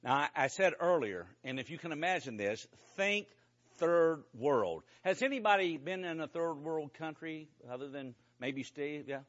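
A man preaching to a congregation, telling a lively story about a mission trip with casual asides to the listeners. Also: a little high, moderate pace, muffled recording. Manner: conversational, animated storytelling with asides to the audience. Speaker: preacher giving a mission report.

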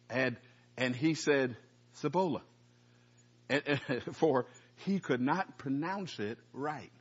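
A man with a husky, breathy voice teaches scripture in a loose, chatty way and often stops to ask his listeners questions. The recording is dull and muffled, like a lo-fi church tape. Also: mid-range voice, fairly bright tone. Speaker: preacher. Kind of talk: conversational Bible teaching.

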